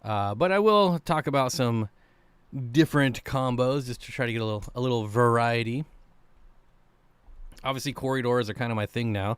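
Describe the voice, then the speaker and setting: A man's voice: medium pitch, moderate pace, clear, resonant tone, no echo. Chatty male live stream host. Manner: relaxed, chatty, reads chat aloud. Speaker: aquarium channel host. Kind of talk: casual live stream chat.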